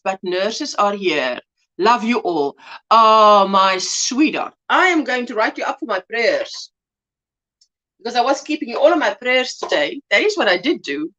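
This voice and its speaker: A woman's voice: fairly high pitch, a bit bright, dull audio. A middle-aged woman from South Africa hosting a casual livestream, chatting with viewers, greeting them by name and laughing often. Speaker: livestream host.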